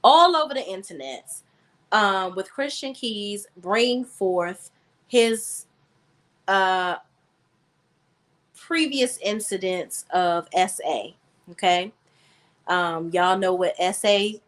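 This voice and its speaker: A woman's voice: mid-range voice, slow, long pauses. Sassy woman host. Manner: sassy, emphatic, says "okay?" and "honey" often. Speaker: podcast co-host. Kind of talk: casual gossip chat about reality TV.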